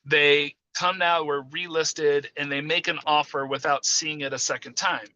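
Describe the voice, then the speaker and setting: A man who works as a real estate agent, telling a class about a deal in a relaxed storytelling way. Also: fairly high pitch, moderate pace, highs cut off.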